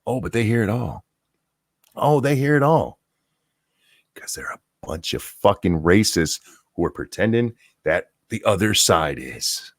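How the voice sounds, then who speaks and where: A man tearing into a furious, profane rant, his pitch swinging wide from low growls to sharp peaks. The sound is close and dry, with no room around it. He mocks and jeers as he goes. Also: sing-song, a little slow, dry recording. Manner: profane, heated, mocking outbursts. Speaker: host. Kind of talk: angry political rant.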